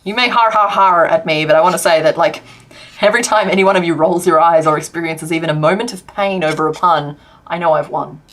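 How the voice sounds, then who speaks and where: Australian woman, casual stream chat, quick run-on sentences, frequent laughter. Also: on the low side, fairly bright tone. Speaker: crochet streamer.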